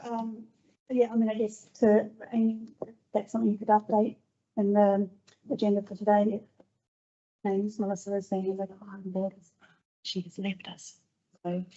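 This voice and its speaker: A woman's voice: on the high side, a little mellow. A woman giving an upbeat, conversational community board update at a council meeting. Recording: dull lo-fi meeting recording.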